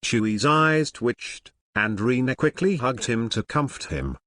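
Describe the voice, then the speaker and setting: Lively male storyteller, dry close voice. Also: mid-range voice, slow, no echo. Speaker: narrator. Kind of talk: scripted narration of a translated novel.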